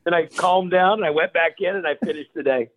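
A male guest chef telling animated stories on a radio show, full of restarts and repeated phrases. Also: on the high side, fairly quick. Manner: energetic, repeats and restarts phrases, acts out quotes. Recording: tinny phone line, dry.

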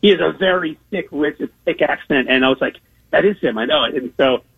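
A man's voice: on the high side, a little fast, gravelly, breathy edge, no echo. A man, a guest on a radio show, telling stories in a loose, chatty way with lots of laughs and fillers. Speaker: guest, TV food challenge host. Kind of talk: casual radio interview. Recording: dull lo-fi phone-in sound.

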